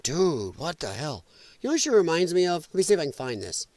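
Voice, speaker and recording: A man's voice: fairly high pitch, sing-song, quick pace, darkish tone, dry recording. A man with heavy, audible breathing hosts a casual commentary show. He mocks freely and laughs at his own asides. His voice is dry and close to the mic. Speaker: host.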